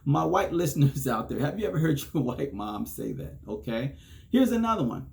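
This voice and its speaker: A man's voice: medium pitch, sing-song, moderate pace, gravelly, a little mellow. A man hosting a solo podcast, chatting casually, chuckling between points and often checking in with "okay?". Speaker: podcast host.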